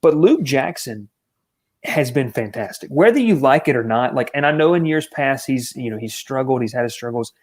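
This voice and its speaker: A man co-hosting a casual sports talk show, ranting with animated exasperation. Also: mid-range voice, moderate pace. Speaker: co-host.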